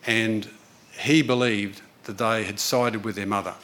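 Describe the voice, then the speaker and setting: A man's voice: fairly low pitch, fairly even intonation, a little slow, fairly bright tone, slight background noise. Earnest man preaching a sermon. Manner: conversational storytelling, earnest.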